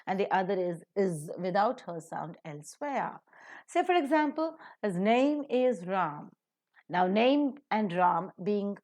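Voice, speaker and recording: A woman teaching pronunciation in a recorded lesson, saying example sentences slowly and with exaggerated stress. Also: a little high, darkish tone. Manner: slow, exaggerated model sentences with marked stress.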